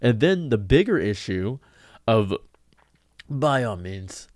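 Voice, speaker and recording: A man telling a diary-style story to camera in an exasperated, ranting way, his voice jumping up sharply in pitch. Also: big pitch swings, takes it slowly, a little mellow, no room sound, clean studio sound. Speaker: streamer and video diarist.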